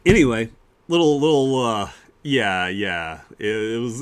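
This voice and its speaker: A man's voice: medium pitch, big pitch swings, a little slow, clean tone. A man hosting a live art share stream, chatting casually in a rambling way with lots of fillers and chuckles. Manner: laid-back and rambling, with many fillers and chuckles.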